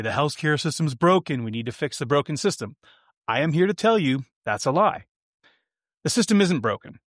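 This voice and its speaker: A man hosts a podcast by himself, giving sarcastic, punchy comedic commentary with a theatrical edge. His voice sits somewhat high for a man. The recording is dry and close. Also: a bit bright, dry recording. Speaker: podcast host.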